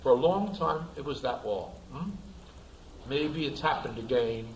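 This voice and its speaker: A man's voice: medium pitch, lively intonation, measured pace, reverberant, slight background noise, poor audio. A man voicing a bewildered male pet dog who pleads indignantly that he has been wronged. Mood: fearful.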